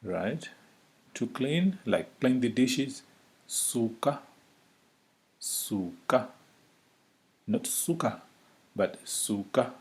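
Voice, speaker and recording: A man teaching a vocabulary lesson, saying each word slowly and repeating it several times for the listener. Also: medium pitch, darkish tone. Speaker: language teacher. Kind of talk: slow spoken vocabulary lesson.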